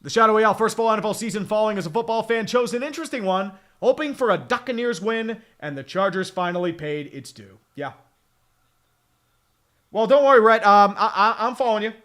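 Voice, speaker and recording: A high-pitched man in his thirties calls the game play by play as a fan streamer, swearing freely. He sounds exasperated and slips into sarcasm between plays. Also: expressive, fairly quick, a bit bright. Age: 30s. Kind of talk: live fan play-by-play commentary.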